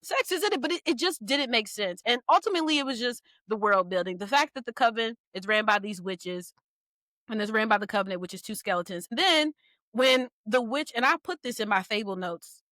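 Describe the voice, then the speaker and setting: A woman with a bright, fairly high voice, recorded close and dry. She talks casually as a podcast co-host, animated and exasperated, rambling from point to point. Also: fairly quick, no echo. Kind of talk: casual book review chat.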